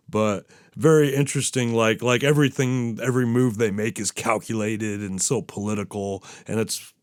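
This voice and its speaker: In a casual solo podcast chat, a male host rambles with plenty of fillers and self-deprecating asides. His medium-pitched voice is clear and resonant, recorded with clean studio sound and no room noise.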